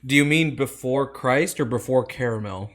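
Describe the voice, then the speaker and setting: A man's voice: mid-range voice, normal speed, a bit bright. A man hosting a movie podcast, chatting casually over a voice call, laughing often and restarting his sentences. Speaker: podcast host. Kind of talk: casual chat. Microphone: home mic on a voice call.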